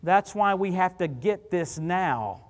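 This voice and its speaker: A middle-aged man preaching as a guest minister, telling stories in an animated, conversational way. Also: high-pitched, takes it slowly. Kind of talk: sermon. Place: church sanctuary. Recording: church hall reverb.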